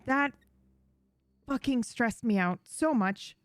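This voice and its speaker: A woman's voice: a little high, slow pace, dry recording. A woman playing a tabletop game in casual chat, swearing freely and laughing often. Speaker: player.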